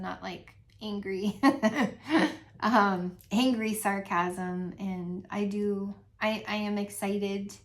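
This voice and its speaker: A middle-aged woman talking casually to her channel's viewers, soft-spoken, with many pauses and frequent little laughs. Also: medium pitch. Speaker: channel host. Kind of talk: casual vlog chat to viewers.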